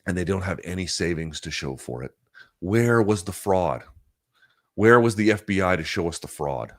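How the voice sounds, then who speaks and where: Man, livestream host, very low voice, dry close sound, swearing, heated ranting. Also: expressive, normal speed, a bit bright, no room sound. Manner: profane, heated rants with frequent filler and restarts. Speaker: live chat show host. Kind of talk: casual livestream chat answering viewer questions.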